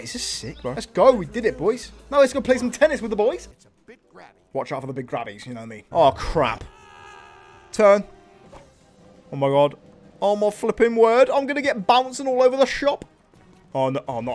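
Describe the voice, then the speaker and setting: A young man doing loud, jokey let's-play commentary, excitable and full of swearing and banter. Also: high-pitched. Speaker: gaming YouTuber.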